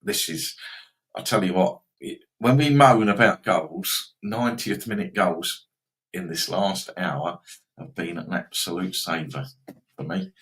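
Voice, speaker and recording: Over poor audio, a man with a low, slightly bright voice hosts a live betting stream at a measured pace. He rambles casually, reacting to football scores and to his viewers.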